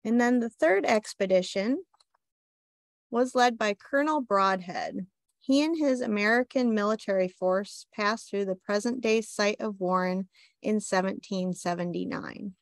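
A woman who works as a library reference assistant, presenting a local history session in a steady, informative way with light self-deprecating asides. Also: medium pitch, unhurried, no room sound.

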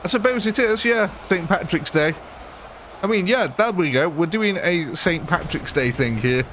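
Chatty British gaming streamer. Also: male voice, high voice, lively intonation, normal speed, a bit bright, a little hiss or hum. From Britain. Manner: jokey, chatty, replies to chat. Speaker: livestream host. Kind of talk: live gaming commentary.

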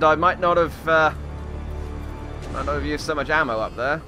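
A man giving joking gameplay commentary in a hammy, put-on Australian accent, with wry, self-mocking deadpan asides. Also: fairly high pitch, normal speed, long pauses. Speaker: let's play commentator. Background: video game music.

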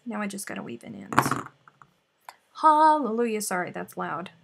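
A woman's voice: on the low side, lively intonation, brisk, gravelly, noisy background. A woman hosting a live crochet stream, chatting casually and muttering to herself as she works. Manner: chatty, exclaiming, mutters to herself while working.

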